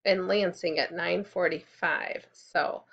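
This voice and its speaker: A woman teaching a kindergarten class in a recorded lesson, speaking clearly and encouragingly and prompting the children to repeat after her. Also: on the low side, steady tone, takes it slowly, highs cut off.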